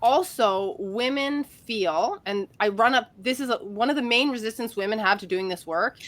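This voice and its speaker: A woman's voice: on the high side, normal speed, fairly bright tone. A woman relationship coach talking candidly and animatedly in a casual podcast conversation, laughing often.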